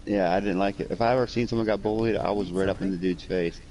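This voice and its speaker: A man's voice: lowish voice, steady tone, fast talker, a little hiss or hum, low-quality recording. A man in casual chat, blunt and profane, who acts out the arguments he tells about. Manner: blunt and profane, acts out quoted confrontations loudly. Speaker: friend chatting.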